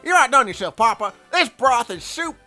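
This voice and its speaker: A man voicing a flustered, excitable old male baker with a folksy drawl in a game playthrough. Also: very high-pitched, normal speed, faint music behind, pitched above the performer's own voice, exaggerated voice. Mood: proud. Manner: folksy drawl, frantic and loud.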